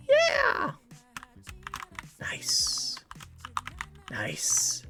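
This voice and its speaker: A woman streaming gameplay and chatting with her viewers, theatrical, swinging between low mutters and loud frustrated yelps. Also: big pitch swings, slow pace, pauses often, soft background music. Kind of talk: live-streamed gameplay chat.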